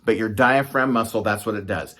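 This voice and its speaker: A man's voice: fairly low pitch, a little fast, a bit bright. A middle-aged man, a doctor, explaining medicine in a casual, conversational way and often checking in with "right?". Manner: conversational, asks "right?" often, gestures to demonstrate.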